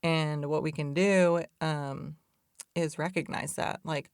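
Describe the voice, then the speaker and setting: A woman's voice: low voice, level tone, slow pace, vocal fry, clean tone, no room sound, clean studio sound. A woman hosting a podcast in a loose, chatty way, full of "like" and "y'all". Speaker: podcast host. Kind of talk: casual reflective talk on addiction recovery.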